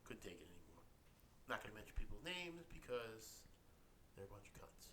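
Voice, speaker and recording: Low monotone man with a bright edge. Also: fairly quick, a little hiss or hum. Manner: low monotone to save his voice; wisecracking, blunt. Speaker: podcast co-host. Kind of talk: casual chat.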